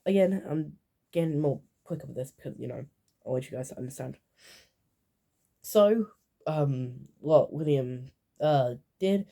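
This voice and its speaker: Youtuber girl rambling on, lots of ums and side tangents, low-ish soft voice. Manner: rambling, full of fillers and offhand asides. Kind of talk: casual rambling commentary.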